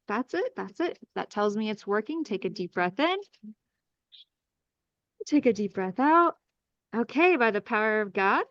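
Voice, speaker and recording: Woman healer, middle pitch, soothing guided meditation with commanding chants, dry close mic, muffled live stream sound. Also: no room sound. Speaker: astrologer leading a group healing. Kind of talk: guided energy clearing meditation.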